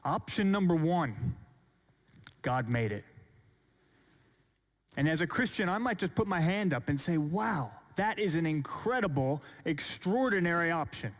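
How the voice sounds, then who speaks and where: A man giving an earnest, measured apologetics talk to an audience, asking rhetorical questions, recorded in a large church hall. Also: on the high side, expressive. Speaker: speaker. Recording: long hall reverb.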